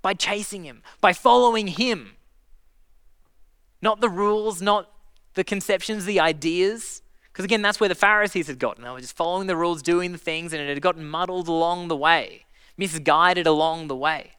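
A man preaching in an earnest, conversational way, stumbling and restarting as he builds his point. His voice sits high and bright, with a smooth, clear tone. It is recorded close and dry. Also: moderate pace, no room sound. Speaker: pastor. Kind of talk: sermon.

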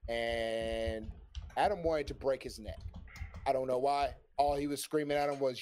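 Some slight background noise sits behind this man's mid-range, moderately paced voice. Telling a long story casually on a stream, he swears a lot, stays animated, and laughs often.

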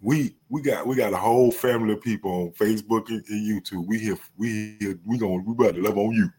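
A man's voice: fairly low pitch, fast talker, mellow, slightly rough. A man hosting a casual group podcast, playful and teasing, often breaking into laughter. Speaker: podcast host.

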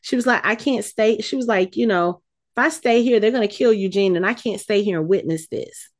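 A woman co-hosting a casual chat, retelling a scene with lively, acted-out quotes. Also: medium pitch, a little fast. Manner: animated storytelling, acts out quotes. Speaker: podcast co-host recapping a TV episode.

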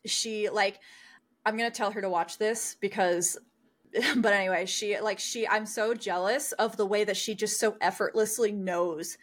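Young woman guest, chatty and self-mocking, easy laughs, average pitch. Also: steady tone, unhurried. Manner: bubbly, chatty, laughs often, self-deprecating. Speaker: podcast guest. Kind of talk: casual chat.

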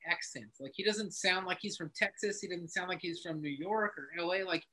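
American guy, bright voice, swears a lot, laughs through his story. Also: high-pitched, a little fast, slightly rough. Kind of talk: casual video-call interview.

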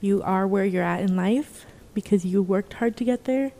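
A woman's voice: medium pitch, moderate pace, gravelly, warm tone, big-room sound. A young woman in casual chat as a podcast co-host, chatty and encouraging. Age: young adult.

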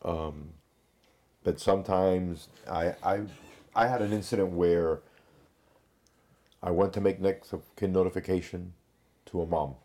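Man, very low voice, dark and mellow, measured storyteller, former investigator. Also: fairly even intonation. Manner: measured, recounts cases with quoted dialogue. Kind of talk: conversational storytelling.

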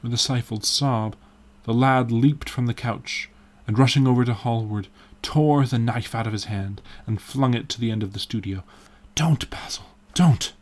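Man reading a story, measured and expressive. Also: medium pitch. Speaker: narrator. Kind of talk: audiobook narration.

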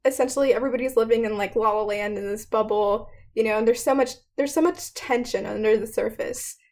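A young woman with a slightly high voice talks through history in a loose, chatty way. She leans on fillers and laughs often. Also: steady tone, a little fast, a little mellow. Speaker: student presenter. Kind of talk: casual history explainer.

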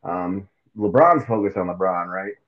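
A man co-hosting a casual sports chat, animated and acting out quotes in silly voices. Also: deep voice, normal speed. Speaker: podcast co-host. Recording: tinny phone-like mic.

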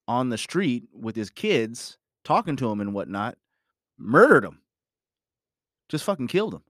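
A man's voice: medium pitch, no room sound, studio quality. A man telling a personal story in a casual monologue, rambling and emphatic, swearing often and leaning on "you know". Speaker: parent talking about his family.

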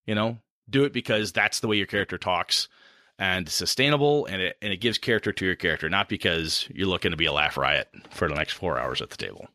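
A man's voice: low voice, expressive, fast talker, sharp tone, no echo, clean studio sound. A man talking casually on a podcast about running tabletop games, rambling and self-deprecating.

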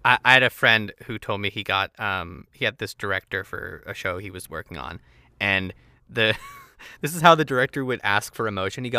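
Bright, crisp-voiced male host. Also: on the low side, expressive, brisk, no room sound. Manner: brief agreeing replies, questions. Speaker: podcast host. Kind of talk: casual chat.

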